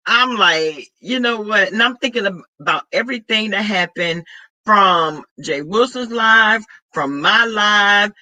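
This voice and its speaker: A woman's voice: medium pitch, sharp tone, low-quality recording. A woman with a Southern US accent, chatting casually to her viewers on a live stream and greeting them by name as she tells a dramatic story. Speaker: vlogger.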